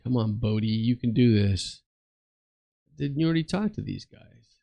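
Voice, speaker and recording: A man's voice: medium pitch, lively intonation, moderate pace, creaky, warm tone, no echo. A man giving casual, rambling commentary while playing a game, swearing offhandedly. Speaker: gaming streamer and commentator.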